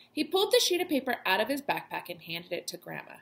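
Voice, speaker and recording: A woman's voice: on the high side, fast. A woman teacher reading a children's chapter book aloud to her class. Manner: expressive storytelling voice.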